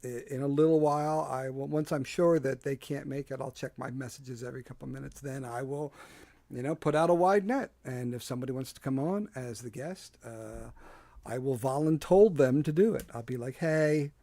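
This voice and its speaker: This livestream host has a dark-toned, mid-range voice at normal speed, recorded on a desk microphone with no room sound. Broadcasting solo from his porch in a Delaware County Philadelphia accent, he rambles casually, runs himself down, and uses many fillers.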